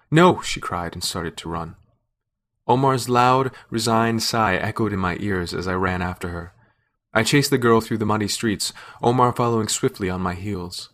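A man narrating a fantasy story in a measured, wry storytelling manner. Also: on the low side, a bit bright. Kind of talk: scripted narration.

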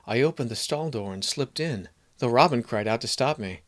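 A man narrating a fantasy story in a measured, even storytelling manner. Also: mid-range voice.

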